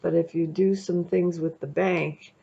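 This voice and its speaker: Chatty tarot reader, woman, gravelly low-fi sound, loose rambling delivery. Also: steady tone, unhurried, warm tone, slight background noise. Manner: chatty, rambling, checks in with "okay?". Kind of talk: casual tarot reading to camera. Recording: dull lo-fi recording.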